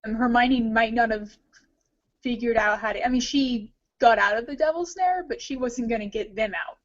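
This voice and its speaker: High-voiced woman chatting with fillers. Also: moderate pace. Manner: rambling, many fillers like "um" and "like". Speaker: podcast co-host. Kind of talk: casual discussion. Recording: dull lo-fi audio.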